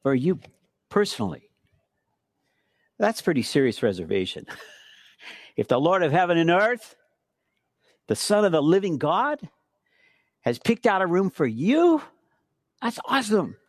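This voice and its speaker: A middle-aged man preaching a sermon, telling stories with emphatic repetition and shifting between hushed and forceful delivery. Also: high voice, measured pace, pauses often, no echo, clean studio sound. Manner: storytelling preacher, emphatic repetitions, animated swings from soft to loud. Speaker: pastor.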